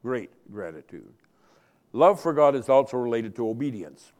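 A male pastor delivers a sermon in a voice of ordinary middle pitch. He leans hard on repetition, doubling key phrases to drive them home. His volume rises and falls sharply as he stresses points. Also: brisk. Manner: earnest preaching, dynamic swings in loudness for emphasis; repeats key phrases for emphasis.

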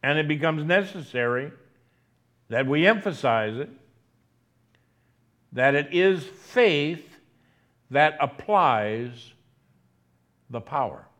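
A man preaching a sermon, speaking slowly and deliberately and repeating key phrases for emphasis. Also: on the high side, animated, a bit bright.

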